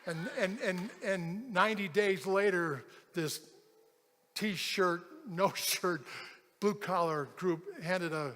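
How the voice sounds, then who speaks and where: A pastor delivers a sermon, animatedly telling a story and acting out the voices of its characters. His voice sits high and he speaks slowly. The sound carries the long reverb of a large hall.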